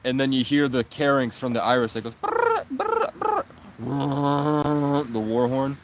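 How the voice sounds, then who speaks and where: A man's voice: medium pitch, steady tone, brisk, very noisy. A man from Vermont, rambling on a live stream and jumping between wild claims. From Vermont, USA. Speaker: livestreamer.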